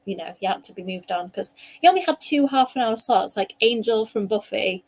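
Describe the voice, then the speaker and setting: A woman's voice: medium pitch, lively intonation, a little fast, a little mellow. Chatty woman telling stories. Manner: chatty, rambling storyteller with frequent fillers. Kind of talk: casual chat about fan conventions.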